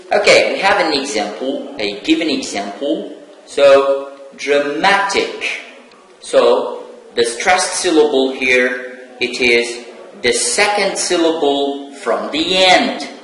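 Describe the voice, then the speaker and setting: A man with an Algerian accent giving a televised English lesson, taking it very slowly and pausing between words as he spells out each sound. His voice is bright and forceful, and it rings in an echoey room. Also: medium pitch. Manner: slow, deliberate, spelling out sounds with many pauses. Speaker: English teacher. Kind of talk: slow televised classroom lesson.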